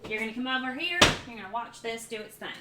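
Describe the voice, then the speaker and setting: A woman's voice: a little high, lively intonation, quick pace. A woman, chatting casually and giggling with her viewers as she cooks in her home kitchen. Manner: chatty, giggly, rambling, talks to viewers while cooking. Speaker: cooking livestreamer. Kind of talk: casual cooking livestream chat. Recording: loud background noise.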